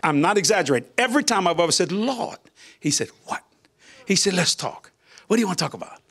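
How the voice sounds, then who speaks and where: Older man, minister, high voice, very lively pitch, colloquial testimony, laughing. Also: quick pace, creaky, husky. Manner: animated, laughing, colloquial, voices quotes with big pitch jumps. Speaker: guest minister. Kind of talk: testimony storytelling.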